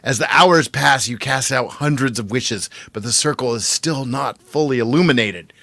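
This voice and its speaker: A man co-hosting a podcast, reading a gamebook aloud in an animated way and laughing easily with the others. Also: medium pitch, moderate pace, vocal fry, no room sound.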